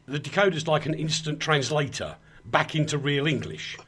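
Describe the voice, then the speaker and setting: A man's voice: on the high side, normal speed, a bit bright, husky. A man with a Cockney accent hosting a radio chat show, bantering and joking. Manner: jokey, laughing, bantering.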